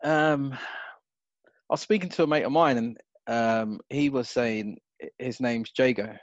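A man's voice: medium pitch, unhurried, no room sound. Man with a dull, dry podcast sound. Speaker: podcast co-host. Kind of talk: casual chat.

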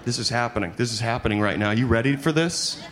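Animated male stand-up comic, live club noise. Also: fast. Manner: animated, jumps into high-pitched panicky outbursts. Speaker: stand-up comedian. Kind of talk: stand-up set. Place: comedy club stage.

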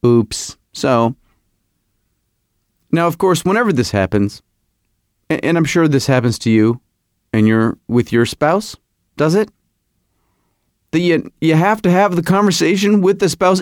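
A middle-aged man hosting a podcast, telling a comic story in a rambling, animated, self-mocking way. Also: a little high, unhurried, long pauses, no echo, studio quality. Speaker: podcast host. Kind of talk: comedic podcast monologue.

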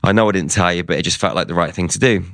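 A low-voiced man with a gravelly edge, speaking as an interview guest. He tells a story casually and acts out the words of the people in it. The sound is dry and close. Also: very fast, fairly bright tone, no echo.

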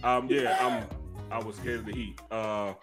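A man's voice: fairly low pitch, flat delivery, moderate pace, music in the background, pitched below the performer's own voice, natural voice. A man doing a comedic impression of a laid-back basketball star, drawling and humming between phrases. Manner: drawling, playful, mumbled hums.

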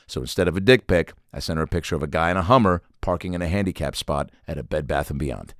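Low-voiced guy doing a comedy rant, swoops up and down a lot, swears, pokes fun at himself. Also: dry recording, studio quality. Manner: rambling and profane, self-mocking. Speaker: podcast host. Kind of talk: comedic storytelling monologue.

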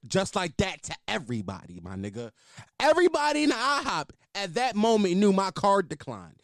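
A man in his twenties telling a story casually, animated and full of profanity. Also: high-pitched, dry recording, studio quality. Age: 20s. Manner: profane, animated, exaggerated outrage.

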